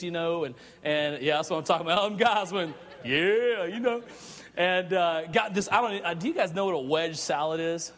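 A man with a high voice preaches through a long story, chatty and animated. He trips over his words and repeats them as he goes. His voice rings with the long reverb of a large hall. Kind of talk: storytelling sermon.

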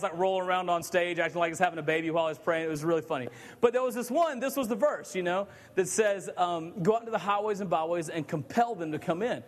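A man preaching a sermon as pastor, telling stories with lively, repeated emphasis. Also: high-pitched, in a large hall. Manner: animated storytelling, repeats words, rises for emphasis. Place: church meeting in a skating rink.

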